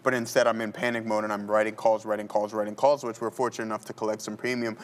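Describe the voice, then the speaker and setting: A man's voice: lowish voice, little pitch movement, quick pace, slight background noise. A man hosting a live day trading stream, chatting casually with viewers and talking through his trades as he makes them.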